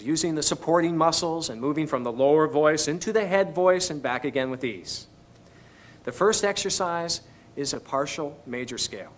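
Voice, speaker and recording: A man's voice: on the high side, slight background noise. A man teaching singing on an instructional video, patiently coaching each step. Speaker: vocal instructor.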